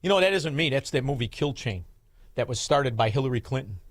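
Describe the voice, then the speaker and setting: A man's voice: medium pitch, lively intonation, fairly quick, no echo. A man hosting a radio talk show, ranting in a combative, sarcastic way.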